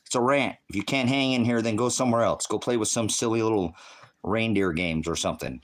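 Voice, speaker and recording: An American man running a ministry live stream, delivering a profane, combative rant at his chat, swinging between low mutters and loud outbursts. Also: brisk.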